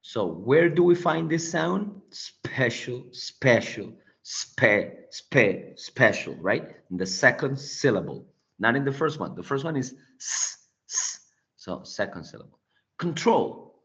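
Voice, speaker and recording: Over a video call's computer mic, a man teaches an online English class, walking students through a quiz and often checking in with "right?" in an explanatory way. His mid-range voice is sing-song with some vocal fry, and he keeps a moderate pace. The meeting recording sounds dull and lo-fi.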